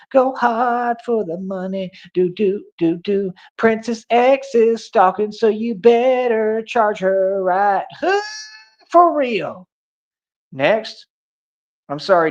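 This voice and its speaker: A man's voice: a little high, dull audio. A man hosting a livestream, talking casually and boasting while he challenges his chat. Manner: boastful, confrontational, talks to chat. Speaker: livestream host.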